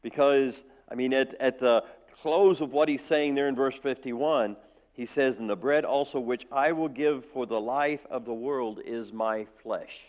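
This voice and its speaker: A pastor giving a sermon in a church, reading scripture aloud and then explaining it with small restarts. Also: male voice, mid-range voice, unhurried, a little mellow, rough recording.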